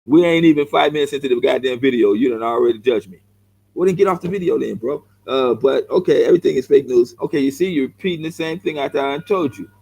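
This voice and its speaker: A man with a medium-pitched, slightly mellow voice and some vocal fry talks quickly through a heated camera rant. He's a middle-aged vlogger from South Central Los Angeles with an LA accent, bluntly confronting viewer comments, repeating points and saying "bro." The audio is poor.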